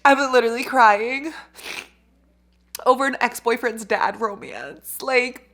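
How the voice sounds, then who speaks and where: This book vlogger's voice is on the high side and fairly bright, and she takes things slowly. Doing her makeup in her bathroom at home, the young woman gushes over books, laughs frequently and swears freely.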